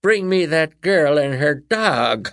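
A man's voice: sing-song, normal speed, no room sound, clean studio sound. A man voicing a bossy, huffy stage witch with a Brooklyn accent, who shrieks and hisses her lines. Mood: shrieking. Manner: shrill shrieks, hissed whispers.

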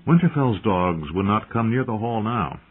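Casting note: low, husky male narrator, steady storytelling, tinny phone-like audio. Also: moderate pace. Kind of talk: scripted narration. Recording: narrow phone-like sound.

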